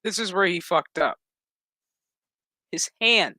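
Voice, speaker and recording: A man's voice: high voice, slow pace, no room sound. A man hosting a casual show recap, rambling, swearing freely and acting out the scenes. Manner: rambling, profane, animated. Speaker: host.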